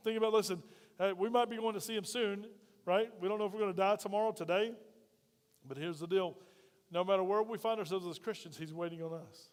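A man preaching in a church, his voice sitting high for a man. He talks to the congregation in a loose, conversational way, tossing out questions and asking them to say lines with him. The sound carries a long hall echo. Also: fairly quick. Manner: conversational preaching with rhetorical questions and call-and-response. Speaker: pastor. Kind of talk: sermon. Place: church sanctuary.

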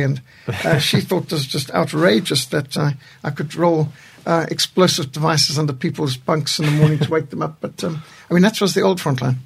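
Man, 60s, studio guest. Husky, gravelly storyteller with a warm chuckle. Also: a little high, brisk, few pauses. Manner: storytelling, chuckles through anecdotes. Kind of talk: reflective studio conversation.

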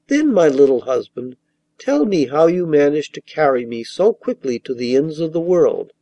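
A man's voice: on the high side, very animated, moderate pace, warm tone, no echo. A man voicing a cunning young princess who talks in a sweet, wheedling, tender way, read from a storybook. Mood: coaxing.

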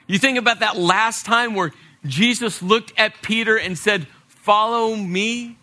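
Male pastor, bright slightly high voice, dramatic sermon delivery, swings loud to hushed. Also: moderate pace.

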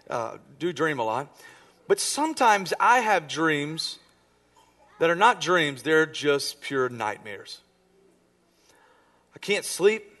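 Animated man preaching a storytelling sermon. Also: on the high side. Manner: storytelling with acted-out quotes, dramatic swings in volume. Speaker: pastor.

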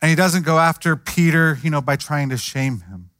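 Higher-voiced man preaching conversationally. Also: moderate pace, fairly bright tone. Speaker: pastor. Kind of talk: sermon.

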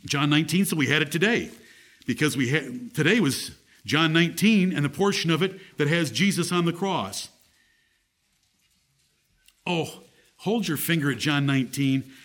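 A man's voice: on the high side, animated, moderate pace, pauses often, a bit bright. Emphatic preaching pastor, man. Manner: emphatic preaching, reads scripture aloud. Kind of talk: sermon.

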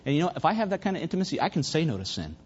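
Husky-voiced man preaching with fervor. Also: fairly high pitch, sing-song, rapid-fire. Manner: fervent preaching with sudden quiet asides. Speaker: pastor. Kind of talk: sermon. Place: church service. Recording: dull lo-fi recording.

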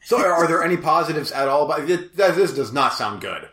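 Man, podcast co-host, bright voice, terse dry responses. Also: a little high, expressive, a little fast. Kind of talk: casual chat.

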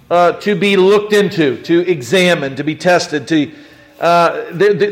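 A man preaching a conversational sermon to his congregation, asking rhetorical questions and often restarting his sentences. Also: high voice. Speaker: pastor.

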